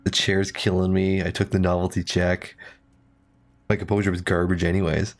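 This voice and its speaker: Low-voiced man streaming a game. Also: moderate pace. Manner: relaxed, joking, reads dialogue choices aloud. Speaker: streamer playing a video game. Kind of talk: casual live-stream commentary.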